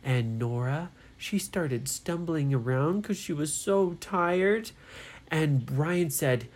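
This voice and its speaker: A woman telling a children's bedtime story, slow and soft, playing up the characters' voices. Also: sits low, expressive, breathy edge.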